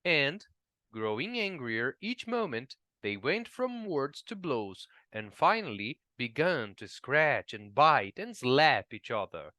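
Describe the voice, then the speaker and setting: A man whose first language is Portuguese, an English teacher reading a children's story aloud in a slow, expressive style. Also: medium pitch, dry recording, studio quality. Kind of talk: storybook narration.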